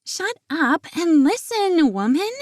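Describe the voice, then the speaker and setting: A woman's voice: very high-pitched, big pitch swings, takes it slowly, no room sound, studio quality, pitched above the performer's own voice, exaggerated voice. A woman voicing an eager, flustered young woman who talks in a lightly raised, breathless voice.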